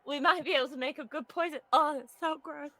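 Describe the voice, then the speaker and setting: Giggly bright British woman player. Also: high voice, fairly even intonation, fast. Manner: giggly, playful. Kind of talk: casual chat at a tabletop game.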